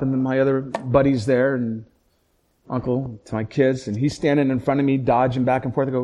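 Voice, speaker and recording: A middle-aged man, a pastor by trade, recounts a painful family story in conversation. He acts out each voice in the dialogue, dropping to a hush and then rising sharply with real intensity. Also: mid-range voice, steady tone, fairly quick, a little hiss or hum. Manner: dramatic storyteller acting out quoted dialogue, swings from hushed to loud. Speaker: pastor and police chaplain. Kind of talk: emotional personal storytelling in conversation.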